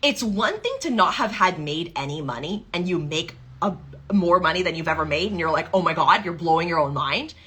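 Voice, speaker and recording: A woman's voice: lowish voice, animated, a little fast, bright, forceful tone, breathy edge. A woman giving a motivational coaching talk on sales and money, emphatic and fond of acting out inner doubts in quoted voices.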